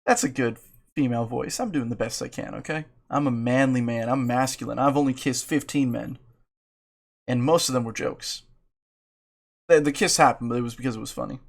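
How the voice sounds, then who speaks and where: A man's voice: mid-range voice, fairly quick, creaky. A man playing through a visual novel and reading it aloud in a loose, casual way. He jokes around and pokes fun at himself between lines. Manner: playful, joking, self-mocking. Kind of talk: casual let's-play commentary.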